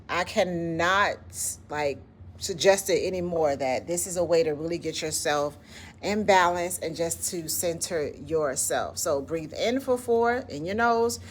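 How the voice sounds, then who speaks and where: A woman's voice: on the low side, a little hiss or hum. A woman with a Southern US accent, founder of an educators' wellness club, talking casually and encouragingly about self-care while guiding a breathing exercise, often saying "listen" and "like". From Southern United States. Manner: encouraging, conversational, drops in "listen" and "like".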